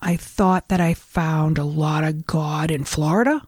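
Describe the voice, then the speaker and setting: Rambling New England woman, lowish voice. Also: a little slow, darkish tone, husky, no room sound, clean studio sound. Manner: rambling, candid storytelling with restarts. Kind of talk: casual conversation.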